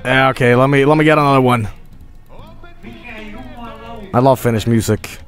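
A man streaming a game, joking loudly, swearing often and hamming up being drunk. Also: normal speed, faint music behind. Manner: plays at being drunk, loud swings of pitch. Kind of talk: let's-play commentary.

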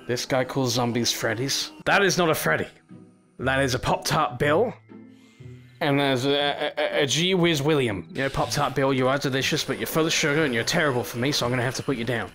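A young man giving sarcastic running commentary over a VR zombie game, breaking into panicked yelling. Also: mid-range voice, fairly quick, music in the background. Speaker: gaming YouTuber. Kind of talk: let's play commentary.

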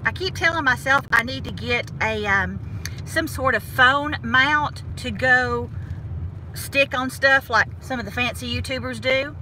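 A high, pushed, bright voice comes through at a slightly slow pace from this North Georgia Southern vlogger. She chats casually and folksily while driving, teasing herself, with the recording made on a sun-visor phone or camera over quiet road noise.

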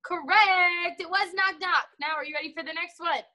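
A woman runs a children's martial arts class over a video call, her voice high and bright. She teases the kids playfully and keeps things upbeat. The sound is that of a laptop call. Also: fairly even intonation, fast.

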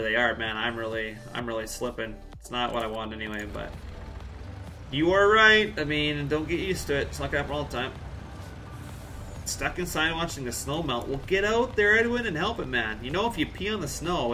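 A man's voice: medium pitch, animated, brisk, sharp tone, faint music behind. A man from Central Alberta chatting casually on a live game stream, answering chat with jokey asides. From Central Alberta, Canada. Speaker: game livestreamer.

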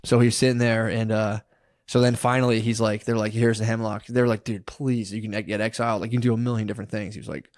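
A young man co-hosting a casual podcast, rambling through a story and acting out quotes in a lower voice, with "dude" in nearly every line. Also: level tone, quick pace, darkish tone, dry recording, studio quality. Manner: rambling storyteller, says "dude" constantly, acts out quotes in a low voice. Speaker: podcast co-host. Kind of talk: casual chat.

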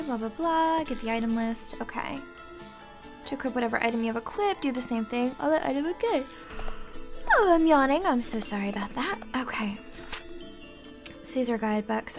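A woman hosting a let's play, excitable, reading game text aloud between gasps and squeals. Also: a little high. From United States. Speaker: gaming video host. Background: game music.

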